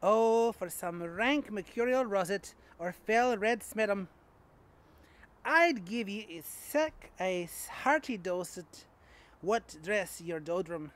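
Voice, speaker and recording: A man's voice: high-pitched, animated, slow. A man reading a poem aloud in a put-on Scottish accent, voicing an indignant churchgoer who scolds a louse. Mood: scolding. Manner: declaiming verse in broad dialect.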